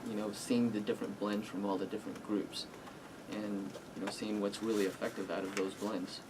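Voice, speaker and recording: A man appearing as a martial arts teacher on a radio show, answering in a calm, matter-of-fact way. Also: on the low side, brisk, far from the mic, background noise. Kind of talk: casual interview talk.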